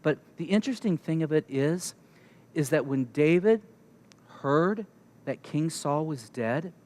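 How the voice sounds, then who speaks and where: A male pastor retelling a Bible story in an animated sermon, often checking in with the congregation. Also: a little high, unhurried.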